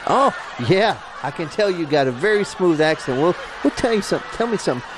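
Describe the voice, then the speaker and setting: Folksy stammery talk show guy, kinda high voice, faint hiss. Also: animated, quick pace. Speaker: mock talk show host. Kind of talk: improv comedy sketch.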